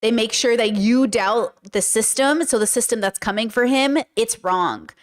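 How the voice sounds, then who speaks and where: A woman commentator talking in an emphatic, sarcastic manner. Her voice sits fairly high for a woman. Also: moderate pace. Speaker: commentary host. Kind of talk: casual commentary.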